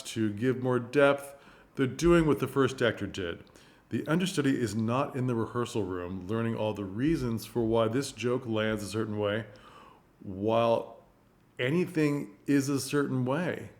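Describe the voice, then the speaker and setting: A man presenting a casual explanatory talk to camera, giving advice to theatres. He is plain-spoken, thinks aloud as he goes, and jumps up in pitch for emphasis.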